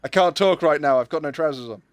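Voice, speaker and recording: A man's voice: fairly high pitch, quick pace. A man streaming a game, chatting casually with friends and joking around. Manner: joking, laughs a lot, tells dad jokes. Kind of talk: casual gaming chat with friends.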